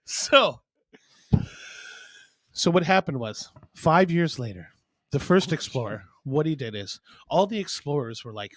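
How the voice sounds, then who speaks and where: A man co-hosting a podcast, telling a long rambling joke in casual chat, with squeaky outbursts for his characters. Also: a little slow, long pauses, dry recording. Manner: animated storytelling, squeaky voices for characters. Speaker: podcast co-host. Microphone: studio mic.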